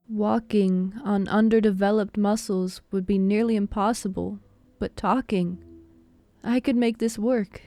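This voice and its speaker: Slow, even-toned woman narrating horror. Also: mid-range voice. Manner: measured, steady reading. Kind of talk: scripted narration. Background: faint background music.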